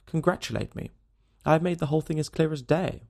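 A man's voice: a little high, quick pace, creaky, darkish tone, pitched above the performer's own voice. A man reading an audiobook, voicing a pompous, self-satisfied middle-aged police detective. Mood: excited. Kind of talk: audiobook character voice.

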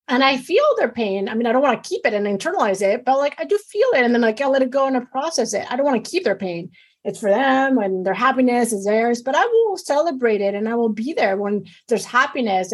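Middle-aged woman doctor, husky and a touch high, talks fast and emphatically in casual interview chat. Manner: animated, emphatic, many fillers. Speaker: physician guest.

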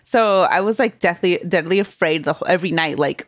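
Young woman podcaster, lower voice, rambly storyteller, lots of likes and ums. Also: normal speed, no echo, clean studio sound. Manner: rambling storytelling with many fillers and laughs. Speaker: podcast host. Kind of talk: casual podcast chat.

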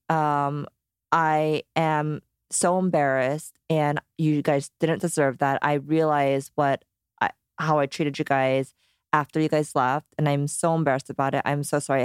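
A woman with a smooth, lower-pitched voice, recorded dry and close. She tells a personal story in a relaxed chat and acts out the quotes with lively changes of voice. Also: no echo. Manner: animated storyteller acting out quotes. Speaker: podcast co-host. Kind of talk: casual chat.

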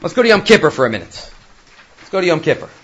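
A man teaching a Torah class in a lively lecturing manner, acting out quoted voices and weaving in Hebrew terms. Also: fairly high pitch, fast, a little hiss or hum. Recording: dull lo-fi recording.

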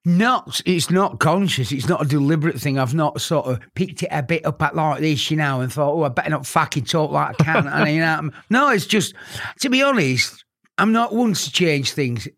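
A man's voice: fairly high pitch, lively intonation, normal speed, a bit bright. A middle-aged man with a Yorkshire accent, being interviewed, telling stories in a blunt, laughing way with some swearing. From Yorkshire, England. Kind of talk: casual interview chat.

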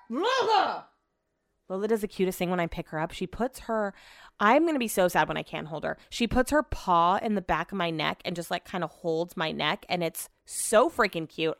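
A woman with a mid-range voice delivers a casual story monologue, chatty and blunt, swearing freely while retelling back-and-forth conversations. The sound is studio quality with no echo.

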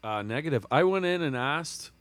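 A man's voice: fairly high pitch, expressive, normal speed, a bit bright. A man in his thirties chatting on a comedy podcast, telling a dry, laid-back anecdote. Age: 30s. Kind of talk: casual comedic chat.

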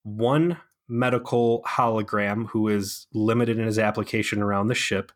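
A man co-hosting a casual comedic podcast, recapping a TV episode with sarcastic, animated storytelling and plenty of fillers. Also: fairly low pitch, moderate pace. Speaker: podcast co-host.

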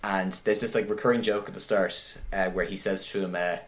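A man in casual conversation, retelling a film scene by scene in an animated way, with many "like"s. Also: low voice, brisk, few pauses. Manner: animated retelling, heavy use of "like". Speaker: podcast guest discussing films.

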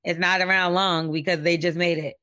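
A woman's voice: fairly low pitch, flat delivery, fairly quick, sharp tone. A woman co-hosting a podcast, talking bluntly in casual chat and swearing freely. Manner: blunt, swears freely, reads news aloud. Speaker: podcast co-host.

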